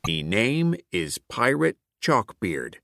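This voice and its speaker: A man's voice: fairly low pitch, very animated, slow pace, creaky, fairly bright tone, dry recording, clean studio sound, heavily acted. A man doing a growling old pirate. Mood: boisterous. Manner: growling pirate talk with arrs. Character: gruff old male pirate teacher, kind.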